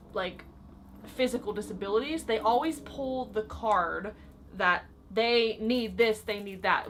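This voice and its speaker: A young woman chats to the camera about her old job in a bright, clear voice. Her pitch sits in a middle range, and she peppers her storytelling with "like" and "um". The delivery is loose and conversational. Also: a little hiss or hum. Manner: chatty, frequent fillers like "like" and "um". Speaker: vlogger recounting work stories.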